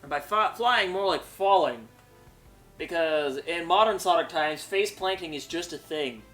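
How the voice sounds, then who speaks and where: A man's voice: a little high, a little slow, bright, forceful tone, soft background music. A man chatting casually while playing a video game, laid-back and explaining his moves. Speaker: gameplay host. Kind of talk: casual let's-play chat.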